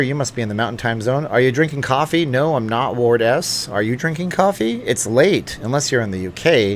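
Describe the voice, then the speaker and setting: Casting: middle-aged male host, slightly low voice, relaxed joking livestream chat read from viewer comments. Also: slight background noise. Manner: chatty and joking, thinks aloud with fillers and asides. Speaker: channel host answering live chat. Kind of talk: casual late-night livestream chat, reading viewer comments aloud. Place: at home.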